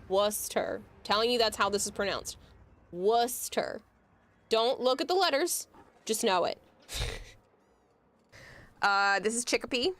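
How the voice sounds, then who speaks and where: A woman's voice: on the high side, a little slow, long pauses, a bit bright. A woman, chatting casually on a livestream and explaining with amused laughs.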